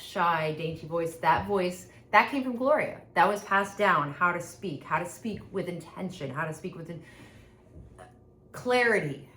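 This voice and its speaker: A woman guest presenting a prepared tribute, speaking deliberately with lively emphasis. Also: fairly low pitch, echoey room, a little hiss or hum. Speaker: guest giving a tribute to her mother.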